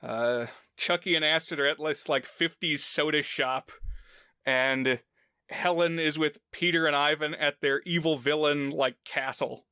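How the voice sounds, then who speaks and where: A man's voice: a little high, fairly even intonation, measured pace, bright, forceful tone, clear, resonant tone, no echo, studio quality. A man chatting casually on a film podcast, explaining plot points in a rambling way with lots of fillers. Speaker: podcast co-host.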